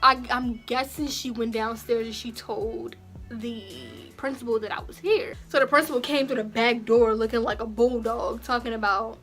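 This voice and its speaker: A young woman vlogger telling a casual story, acting out the quotes in louder, raised voices. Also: a little high, fairly even intonation, moderate pace, faint music behind.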